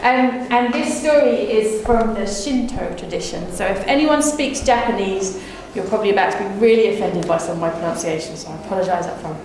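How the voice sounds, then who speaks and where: A woman's voice: mid-range voice, lively intonation, brisk, few pauses, darkish tone. A woman storyteller performing live for a small audience, playful and teasing. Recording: echoey room with faint hum.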